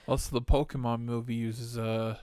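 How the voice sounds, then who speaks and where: Smooth-voiced man in casual chat. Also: mid-range voice, level tone, moderate pace, a little mellow, no echo.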